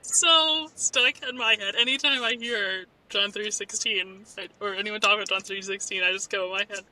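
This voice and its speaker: A woman co-hosting a podcast, answering with quick agreements and laughing often. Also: medium pitch, bright, forceful tone. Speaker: podcast co-host. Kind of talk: casual review chat. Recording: distant mic with faint hiss.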